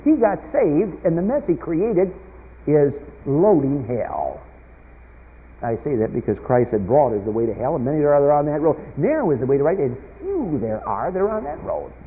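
A man delivers a sermon, moving between loud emphatic peaks and quiet asides. His voice is husky and lively in pitch. The sound is tinny and phone-like, with a long reverb from a church hall. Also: moderate pace. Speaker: preacher.

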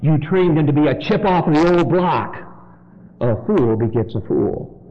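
A man preaching a sermon in church, swinging from loud, high exhortation to low, quiet warning. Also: animated, moderate pace. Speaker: pastor. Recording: dull lo-fi sermon recording with faint noise.

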